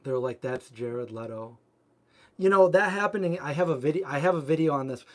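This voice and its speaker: A man's voice: on the high side, fast talker. Rambling man chatting on a live stream. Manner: rambling storytelling full of filler words. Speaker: vegan cooking channel host. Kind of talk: casual livestream chat answering viewer comments.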